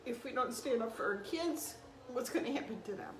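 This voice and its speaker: An older woman with a slightly high voice talks earnestly to camera, growing emotional and indignant as she goes. The sound is roomy and echoey, with a faint hum of ambience underneath. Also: animated, fairly quick, a bit bright. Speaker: registered nurse. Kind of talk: impassioned monologue to camera.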